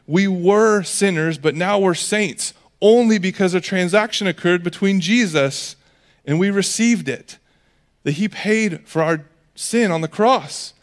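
A man's voice: sits high, unhurried. A man preaching a sermon as pastor, in a casual, conversational way.

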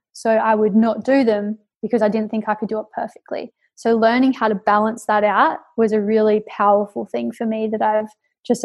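Flat-toned chatty young woman. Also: on the high side. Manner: chatty, laughs often, many fillers. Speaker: guest. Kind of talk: casual conversational storytelling.

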